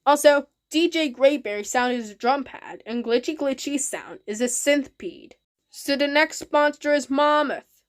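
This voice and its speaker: A woman with a high voice narrates her own video in a loose, casual way. She sounds eager and keeps her phrasing simple and repetitive. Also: lively intonation, measured pace. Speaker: channel host.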